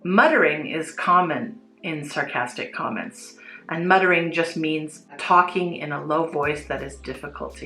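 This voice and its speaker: A woman English teacher explains things in a slow, carefully paced, scripted way. Her voice sits a little low for a woman. It is recorded in a roomy, echoing space with faint music underneath. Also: pushed and bright. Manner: measured, clear, deliberate teaching delivery.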